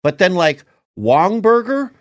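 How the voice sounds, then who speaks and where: A man co-hosting a podcast in casual chat, animated and quick to joke and riff. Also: sits high, no room sound, clean studio sound. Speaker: podcast co-host.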